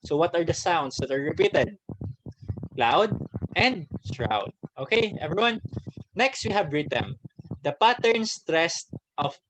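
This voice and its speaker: Filipino male teacher, slightly high voice, halting and chatty, recorded with audible background noise. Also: expressive. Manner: halting, many restarts, addresses students directly. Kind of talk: online class lesson, mixing English and Bisaya.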